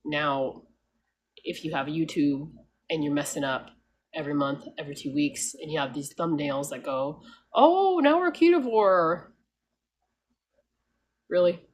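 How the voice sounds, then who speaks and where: A woman's voice: low voice, little pitch movement, normal speed, breathy edge. A woman vlogger talking casually and frankly, laughing often and mimicking others as she rants. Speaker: homesteading vlogger. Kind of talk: casual talking-head rant.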